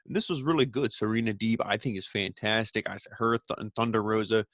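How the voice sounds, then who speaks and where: A man with a lowish voice talks through a wrestling show recap, rambling and opinionated, stopping and restarting his thoughts. The recording is dry and close, with no room sound around him. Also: a little fast, a bit bright, no room sound. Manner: rambling, opinionated, frequent fillers.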